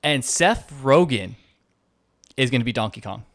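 A man's voice: medium pitch, animated, moderate pace, dry recording, studio quality. A man co-hosting a casual gaming news podcast, chatty and upbeat. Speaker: podcast co-host.

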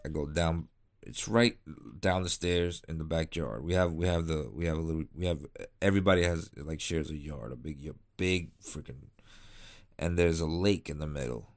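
Tired man, very deep voice, loose rambling vlog delivery with lots of fillers. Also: steady tone, normal speed. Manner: rambling, many restarts and fillers, laid-back. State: tired, yawning late at night. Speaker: cigar vlogger. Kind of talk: casual rambling monologue.

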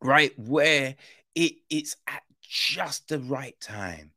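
A man hosting a film podcast, chatting casually in an animated, slangy way, swearing and laughing often. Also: mid-range voice, drawn-out words. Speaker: podcast host, film reviewer. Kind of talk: casual chat.

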